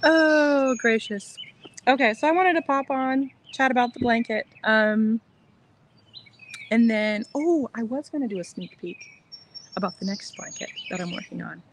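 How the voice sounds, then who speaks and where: A soft-spoken woman hosting a casual crochet livestream outdoors in the sun, chatting in a rambling, reassuring way. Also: fairly high pitch, measured pace, a little hiss or hum. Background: birds chirping.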